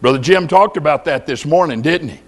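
A middle-aged man preaching, his voice sitting a little high for a man. He speaks in a folksy, storytelling way and keeps asking the congregation direct questions. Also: animated, a little fast. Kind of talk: sermon.

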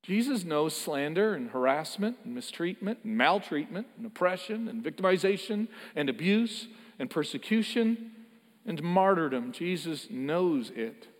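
A man's voice: a little high, very animated, moderate pace. A man preaching a sermon, earnest and emphatic, often repeating words as he builds a point. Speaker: pastor. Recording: long hall reverb.

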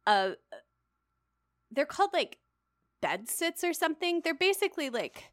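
A woman's voice: sits high, unhurried, no echo, clean studio sound. A woman co-hosting a podcast, chatting casually and wryly with lots of fillers. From United States. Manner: animated, wry, many fillers like "like". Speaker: podcast co-host. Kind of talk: casual chat.

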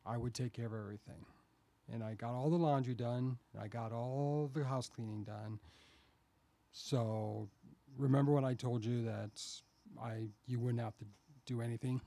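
A man's voice: medium pitch, steady tone, moderate pace, vocal fry, mellow. A man in an improv comedy scene playing a sheepish, wheedling partner who is working up to asking for a favor.

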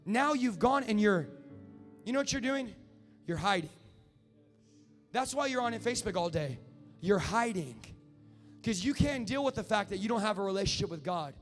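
A man in his thirties preaching an impassioned sermon that builds to shouting. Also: sits high, animated, moderate pace, long pauses. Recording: echoey hall with faint music.

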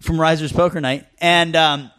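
A man's voice: a little high, fairly even intonation, moderate pace, fairly bright tone, clear, resonant tone. A man in casual podcast chat, telling stories animatedly, swearing freely and acting out the scenes.

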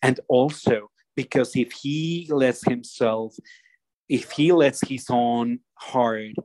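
Slow, deliberate male preacher. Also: mid-range voice, darkish tone, poor audio. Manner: slow and deliberate, with frequent restarts. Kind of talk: sermon.

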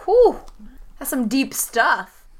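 A woman playing a tabletop role-playing game, talking in an animated, joking way with quick asides. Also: mid-range voice. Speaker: player.

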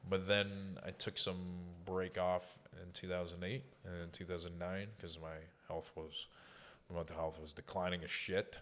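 A man's voice: sits low, little pitch movement, normal speed, fairly bright tone. A man, a guest on an interview show, telling casual, profane, rambling stories with lots of fillers. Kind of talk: casual storytelling.

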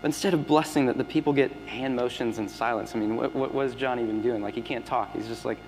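A man preaching a sermon as pastor, swinging between loud emphatic lines and hushed, near-whispered ones. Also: medium pitch, fairly even intonation, fast. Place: church sanctuary. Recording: long hall reverb with faint music.

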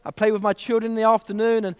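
A man voicing a contented male Mexican fisherman with a put-on Mexican accent, unhurried and repetitive, calling the listener señor. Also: high-pitched, level tone, clean tone, in a large hall, highs cut off, voice pushed up, close to an everyday voice. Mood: relaxed, content. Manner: unhurried, repeats himself, drops in señor.

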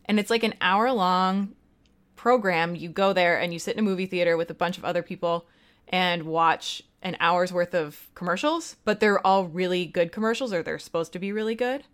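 A young woman co-hosts a podcast in relaxed, chatty conversation. Her voice is smooth and clear, and she tells stories in an animated, self-deprecating way. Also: lowish voice, moderate pace. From United States. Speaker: podcast co-host. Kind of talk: casual chat.

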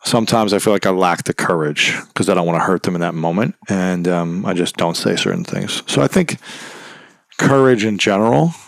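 A man's voice: low voice, a little fast, creaky, no echo. A man speaking as a podcast guest, candid and self-reflective, sometimes rambling as he thinks aloud. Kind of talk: conversational interview.

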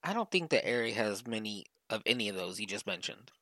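A man's voice: lowish voice, sing-song, quick pace, sharp tone, no room sound. A man in casual chat, mostly listening and giving short, easygoing replies. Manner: laid-back listener, short agreeing replies.

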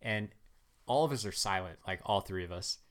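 A man, a guest runner, telling his story in casual interview chat, rambling with many fillers and animated. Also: fairly low pitch, moderate pace.

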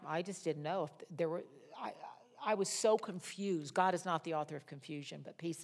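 Leading a Bible study, a middle-aged woman shares her personal testimony in lively storytelling fashion. She talks fast, and her voice climbs high at the emotional moments.

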